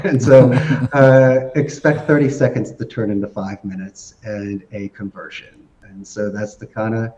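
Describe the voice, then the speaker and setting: A man giving animated, story-filled interview answers and laughing often. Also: on the low side, a little slow, few pauses. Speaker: podcast guest. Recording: echoey, dull lo-fi sound.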